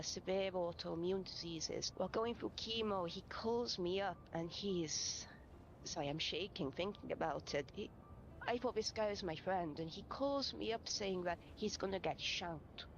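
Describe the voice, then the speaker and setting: A woman recounting a personal story in an interview, emotional and halting, with many fillers. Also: on the low side, lo-fi sound, slight background noise. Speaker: interviewee in a video.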